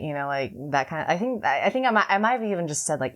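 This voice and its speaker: With a deep voice and a quick pace that leaves few pauses, a young woman from California spins a lengthy, filler-heavy story while casually chatting as a podcast co-host.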